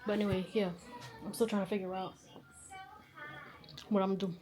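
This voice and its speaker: A woman in her twenties from New York, chatting casually to the camera while tidying her bedroom and thinking out loud about where things should go. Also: medium pitch, little pitch movement, a little fast, soft background music. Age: 20s. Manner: chatty, thinking aloud, often unsure. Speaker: vlogger. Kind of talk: casual chat while cleaning. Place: bedroom at home.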